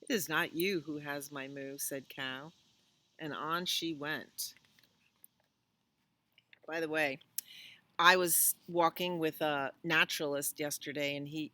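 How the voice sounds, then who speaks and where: A woman librarian reading a picture book aloud to young children, doing animal sounds in an animated way. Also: low voice, no room sound. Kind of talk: storytime read-aloud. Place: library storytime.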